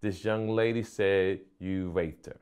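A male comedian calmly recounting a personal story in an interview. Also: sits low, a little slow, clear, resonant tone. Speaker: comedian guest.

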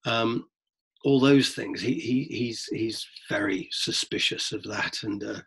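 Speaking slowly at medium pitch, this man's voice is creaky and fairly bright with a breathy edge, captured in poor audio. He's an English drama teacher with a London accent, lecturing discursively, repeating words mid-thought, and mimicking theatregoers.

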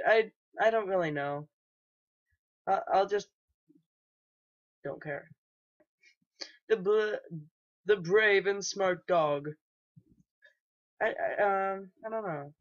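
Teen guy rambling through a game, slow and unsure, kinda dull lo-fi mic. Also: high-pitched, animated. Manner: hesitant, rambling, many ums and restarts. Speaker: gaming YouTuber. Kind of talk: casual let's play commentary.

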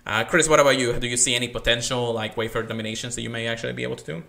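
A man co-hosting a casual gaming podcast, chatty and rambling with lots of fillers and restarts, sometimes reading text aloud in a careful flat way. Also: mid-range voice, racing, vocal fry. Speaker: podcast co-host.

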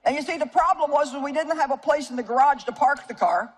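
A woman's voice: high-pitched, fast. A woman in her seventies from Missouri preaching a sermon to a live audience, telling homey stories with humor and chatty asides to the crowd. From Missouri, United States. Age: 70s. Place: stage before an audience.

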